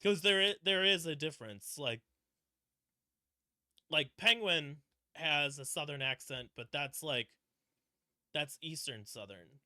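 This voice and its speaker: A man's voice: on the high side, slow, pauses often, bright, forceful tone, no echo, clean studio sound. A man co-hosting a casual podcast, rambling and swearing freely as he talks things through. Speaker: podcast co-host.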